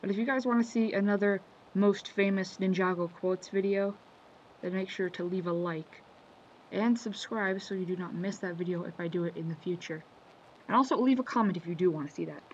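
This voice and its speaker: A video creator with a high-pitched voice talks a little fast as he casually walks through a quotes compilation, rambling, losing his thread, and self-correcting. Audio is slightly dull and lo-fi, with faint background noise.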